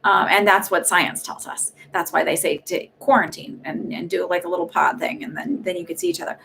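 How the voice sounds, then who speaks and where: A woman's voice: on the low side, steady tone, brisk, vocal fry, pushed and bright, slight background noise. A woman hosting live psychic readings, talking in a chatty way with many fillers and restarts. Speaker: psychic medium host.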